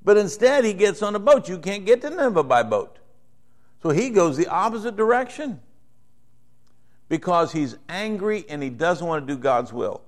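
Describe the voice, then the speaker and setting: Fairly high-voiced middle-aged male pastor. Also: normal speed. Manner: conversational, rising to animated when voicing characters. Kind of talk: sermon.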